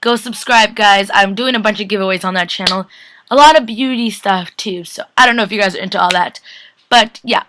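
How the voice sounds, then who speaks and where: A woman's voice: mid-range voice, a little fast, noisy background. Chatty young woman on a webcam. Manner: gushing, chatty, lots of "like" and "guys". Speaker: TV recap vlogger. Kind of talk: casual chat.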